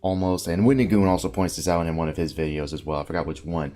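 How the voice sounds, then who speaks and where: A man's voice: low-pitched, steady tone, fast, warm tone. A man hosting a casual podcast chat, rambling with lots of fillers and restarts. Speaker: podcast host.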